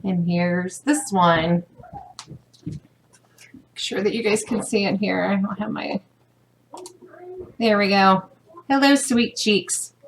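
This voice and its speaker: Her voice is mid-range, steady and creaky, with a slow pace and frequent pauses. A middle-aged woman, she demonstrates a craft project at home, chatting casually as she works with her hands and pokes fun at herself, while a loud furnace hums through the noisy recording.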